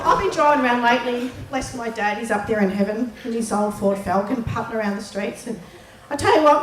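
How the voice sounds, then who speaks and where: A woman's voice: fairly high pitch, slight background noise. An Australian woman comic doing a brash, profane stand-up routine full of ranting rhetorical questions. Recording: echoey live club recording.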